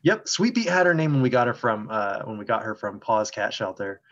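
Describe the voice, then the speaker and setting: A man's voice: lowish voice, animated, fairly quick, fairly bright tone, dull audio. Rambling male podcast guest. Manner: rambling, hesitant with many fillers. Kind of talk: casual group chat.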